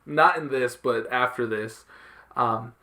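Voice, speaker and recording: A man's voice: mid-range voice, slow pace, pushed and bright. A young man hosting a casual comic book podcast, retelling a story in a loose, rambling way with plenty of fillers. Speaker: podcast host. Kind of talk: casual chat.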